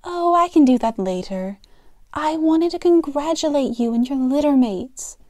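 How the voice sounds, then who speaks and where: A woman voicing a sly, sweet-talking female fox in a storybook reading, with a smooth honeyed manner. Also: high-pitched, lively intonation, a little slow, warm tone, no echo, pitched above the performer's own voice.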